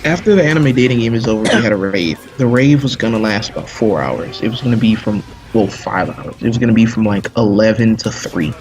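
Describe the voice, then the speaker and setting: A man telling a long story in casual chat during a live game stream, animated and full of slang. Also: lowish voice, a little fast, few pauses. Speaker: stream commentator.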